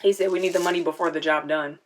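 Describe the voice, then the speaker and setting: Low-voiced woman talking back at the screen. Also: steady tone, quick pace. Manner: chatty, talks back at the screen. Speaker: reaction video host. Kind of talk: casual reaction commentary.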